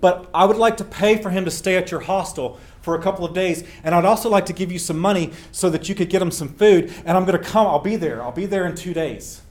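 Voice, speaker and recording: A man's voice: sits high, quick pace, few pauses, lightly acted. A man voicing a worried father on the phone, anxious, rambling and pleading.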